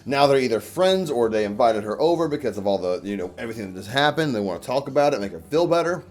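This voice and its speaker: A man's voice: medium pitch, animated, fast. A man giving a casual, crude and jokey review monologue, often acting out quoted lines. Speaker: YouTuber reviewing manga.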